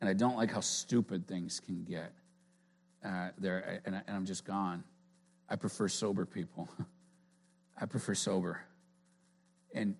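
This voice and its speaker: A man giving an informal sermon in an earnest, conversational way, often restarting his sentences. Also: low-pitched. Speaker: preacher.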